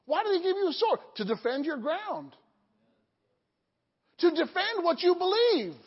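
A woman preaching in a high voice with an unhurried, drawn-out delivery. She keeps quizzing the congregation and slipping in jokes. The recording sounds dull and lo-fi, with a long reverb from the hall. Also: sing-song. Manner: asks the congregation questions, joking asides. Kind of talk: sermon.

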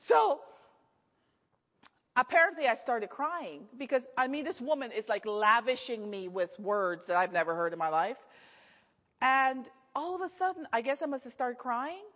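A high-voiced, middle-aged woman tells a personal story from the pulpit, lively and quick to laugh as she acts out each character. Her voice rings through a reverberant church hall, and the recording sounds slightly dull. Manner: animated, laughs often, acts out the people in her stories. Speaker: preacher. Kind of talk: storytelling sermon.

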